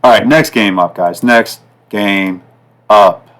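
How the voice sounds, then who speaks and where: A man hosting a sports betting podcast, talking in a loose, rambling flow. He leans on fillers and says the same thing twice, and his voice keeps swinging up and down in pitch and loudness from one phrase to the next. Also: slow. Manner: rambling, repetitive, fillers like "like" and "guys". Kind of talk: casual betting talk.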